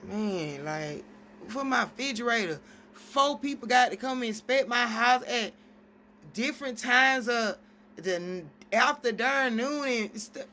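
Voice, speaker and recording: A woman's voice: fairly high pitch, unhurried, bright, forceful tone, slight background noise. A woman venting at length in a casual vlog, rambling through stories with quoted exchanges. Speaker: single mom vlogger.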